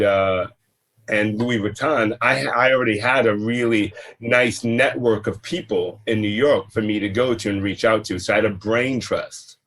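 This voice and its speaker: Easygoing man telling his career story. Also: medium pitch. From Massachusetts, USA. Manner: relaxed, conversational, with frequent fillers and restarts. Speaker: entrepreneur guest. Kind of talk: storytelling interview.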